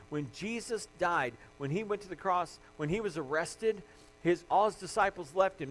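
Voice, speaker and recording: A man preaching a sermon as pastor, reading scripture aloud and rising to loud, emphatic passages. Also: on the high side, slight background noise, low-quality recording. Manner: frequent fillers and restarts, reading scripture aloud.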